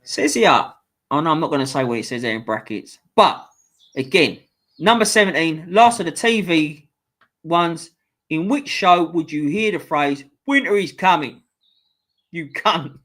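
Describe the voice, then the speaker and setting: A man's voice: on the high side, expressive, normal speed, fairly bright tone. A young man with a London accent hosting a casual live-stream quiz, swearing freely and chatting offhand between questions. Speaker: quiz host.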